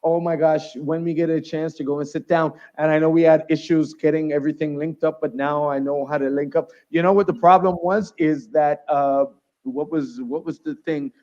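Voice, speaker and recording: A chatty, laid-back man from Canada talks over a video call. His voice sits a little high but sounds mellow and dark. The call audio is muffled and dull. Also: steady tone, normal speed. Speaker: guest rapper. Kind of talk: casual chat on a video call.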